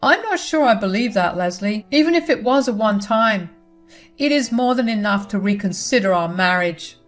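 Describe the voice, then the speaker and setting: A betrayed middle-aged husband confronts his wife in cold, accusing tones, read by a woman narrator. He is angry and firm rather than loud. It is a storybook narration. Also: mid-range voice, expressive, normal speed, faint music behind, pitched above the performer's own voice, close to an everyday voice. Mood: cold anger.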